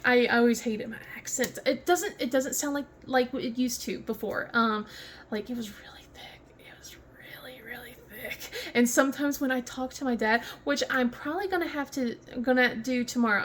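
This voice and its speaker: There's a little hiss or hum as this woman talks at a moderate pace with hardly any pauses, her voice on the high side and a bit bright. A craft vlogger from southern West Virginia with a Southern American accent, she chats casually, rambling with many fillers, restarts and frequent laughter.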